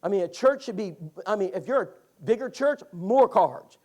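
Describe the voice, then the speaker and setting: Preacher guy telling a story in class, voice swings all over the place. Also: normal speed. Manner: animated storytelling with lively pitch swings. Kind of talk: sermon class.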